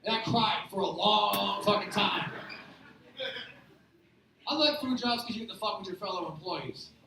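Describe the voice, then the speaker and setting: A man's voice: high-pitched, normal speed, creaky, background noise. A man doing a stand-up comedy set, telling rambling, profane stories at a live show. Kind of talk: stand-up storytelling. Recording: echoey room picked up from a distance.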